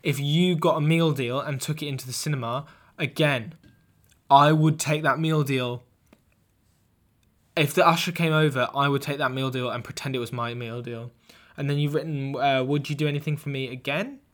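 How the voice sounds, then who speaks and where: A man's voice: medium pitch, steady tone, moderate pace, a bit bright. A young man co-hosting a comedy podcast, talking in a hesitant, rambling, playfully earnest way. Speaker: podcast co-host.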